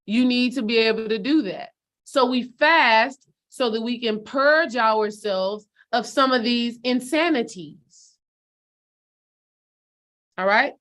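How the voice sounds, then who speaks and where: A woman's voice: a little high, slow, fairly bright tone. A woman spiritual coach giving a casual motivational talk to her followers, direct and preachy, calling them sis and baby.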